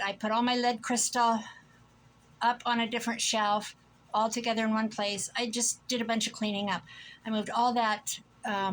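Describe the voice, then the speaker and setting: A woman's voice: fairly high pitch, a bit bright, slight background noise, low-quality recording. A middle-aged woman from Iowa chatting casually to camera about her thrift finds, gushing and rambling. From Iowa, USA. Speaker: thrift vlogger. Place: home room.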